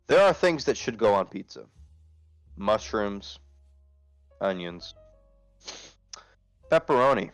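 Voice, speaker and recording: A young man talking loosely and animatedly, full of filler and swearing. His voice is mid-pitched and comes through a headset with a very dry sound and faint music underneath. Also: a little slow, long pauses, no room sound. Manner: animated, rambling, swears freely. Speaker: interview guest, streamer. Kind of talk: casual online interview chat.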